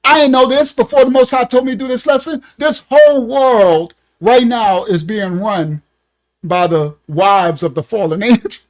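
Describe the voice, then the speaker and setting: High-voiced, blunt street preacher. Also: male voice, moderate pace. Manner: animated, riffing delivery. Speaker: ministry teacher. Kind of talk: informal Bible lesson.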